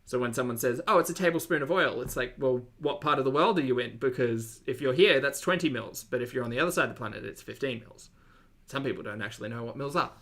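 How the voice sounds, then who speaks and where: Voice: medium pitch, quick pace, fairly bright tone. An Australian-accented streamer chatting casually to a live chat, with rambling asides and plenty of enthusiasm. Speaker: reaction streamer.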